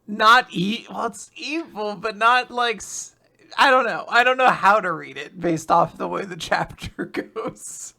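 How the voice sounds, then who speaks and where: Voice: medium pitch, measured pace, vocal fry, pushed and bright. A podcast co-host chatting enthusiastically about manga, swearing freely and laughing often. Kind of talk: casual manga recap chat.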